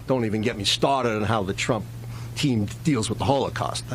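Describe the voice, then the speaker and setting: A man's voice: fairly low pitch, moderate pace, slight background noise. A man, an author, speaking emphatically in an interview clip, in a lecturing way.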